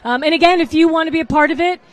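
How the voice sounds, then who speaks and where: At a salon event's red carpet, a woman hosts a live pre-show, talking to the camera in a chatty, easily distracted way. Her voice is very high-pitched and racing.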